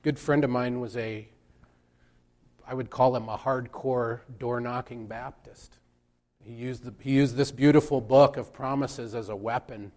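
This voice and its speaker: A man preaching a reflective sermon at an unhurried pace. He speaks in measured phrases and stops often to let a point land. His voice sits at an ordinary middle pitch. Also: fairly even intonation, a little mellow. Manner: slow, measured, with pauses for emphasis.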